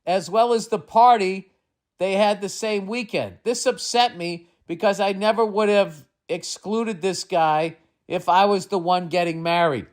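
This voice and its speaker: A man's voice: high-pitched, measured pace. Ranting, foul-mouthed comedy host, man. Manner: swearing, exasperated, swings between loud and muttering. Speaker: comedy podcast host giving advice. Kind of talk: profane comedic rant.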